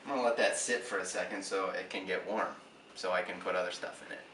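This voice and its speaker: A man's voice: low-pitched, fairly even intonation, fast. A young man giving breezy, jokey cooking instructions in a mock cooking show. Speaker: co-host cook. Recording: echoey kitchen, mic far off, noisy. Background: pans sizzling.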